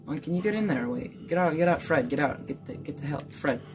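A gamer in casual gameplay commentary, muttering playfully to themselves and to the game, with sudden excited outbursts. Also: medium pitch, a little fast, background noise. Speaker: gamer playing a survival game.

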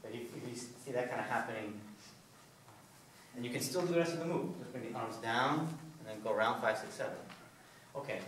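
A man teaching a salsa class, counting steps out loud and talking through each move in a loose, easygoing way. He is picked up from far off by a camera, with a big echo filling the studio. A faint hum of the room sits behind him. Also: medium pitch, fairly quick. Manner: counts steps aloud while demonstrating, loose and casual. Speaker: salsa dance instructor. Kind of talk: counting beats and explaining moves in a class. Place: dance studio, indoors. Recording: echoey studio from a distant camera.

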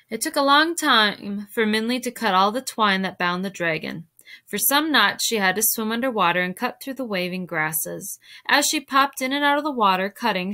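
A woman teacher reading a storybook aloud to a class in steady narration. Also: mid-range voice.

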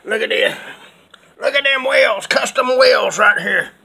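A man, loudly showing off a custom power chair in a folksy sales pitch and often breaking into cackling laughter. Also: measured pace, creaky. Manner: loud folksy hollering with frequent cackling laughs. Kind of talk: homemade showoff sales pitch.

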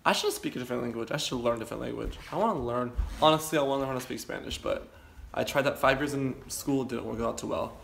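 A man's voice: mid-range voice, fast talker, creaky, fairly bright tone, echoey room, slight background noise. A young man rambling casually to camera in his home kitchen, chatty and self-deprecating. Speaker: vlogger. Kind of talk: casual vlog chat.

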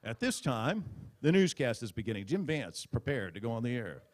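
A man's voice: medium pitch, big pitch swings, normal speed. A man doing stand-up comedy on stage, telling a mock-dramatic story into a stage microphone. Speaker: comedian at a press club roast. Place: stage before a live audience.

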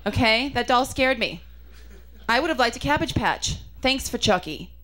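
A young woman doing a stand-up comedy set in a slightly high voice. She talks in a chatty, self-mocking way and lands her lines with punchy asides. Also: lively intonation, normal speed, fairly bright tone.

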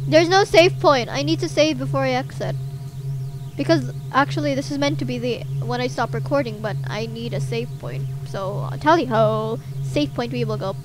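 Excitable young woman reacting to a game. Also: fairly high pitch, moderate pace, over music. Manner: excitable, emotional, shouting at characters. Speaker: gaming video host. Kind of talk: let's play commentary.

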